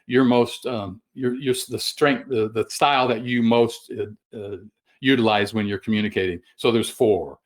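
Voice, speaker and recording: A middle-aged man presenting a webinar over a video call, folksy and halting, with many fillers and restarts. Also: medium pitch, fairly even intonation. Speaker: guest sales trainer.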